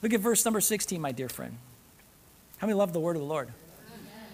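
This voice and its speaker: Speaking fast with big pitch swings, a male pastor delivers a sermon in a church sanctuary, reading scripture and repeating phrases. His delivery moves from loud urgency to quiet asides, with a little hiss or hum in the background.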